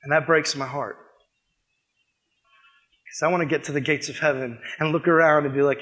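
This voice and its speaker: A young man as youth pastor, preaching a sermon with animated storytelling that acts out the dialogue. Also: a little high, brisk, long pauses.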